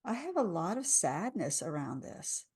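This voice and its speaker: A woman's voice: lowish voice, big pitch swings, moderate pace, darkish tone, slightly rough. A woman coaching a live tapping session, speaking soothing lines for listeners to repeat. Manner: soothing, leads repeat-after-me affirmations.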